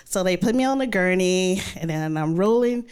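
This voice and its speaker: A woman tells a true story from her own life in a chatty, animated way, often slipping into her own remembered thoughts. Her voice sits a little low for a woman. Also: moderate pace, smooth. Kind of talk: live personal storytelling.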